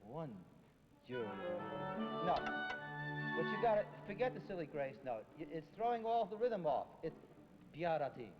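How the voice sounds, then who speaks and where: Man music coach, lively and higher-pitched, scats rhythms, dull old film sound in a reverberant hall with music. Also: unhurried, long pauses. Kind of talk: rehearsal coaching. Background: music playing.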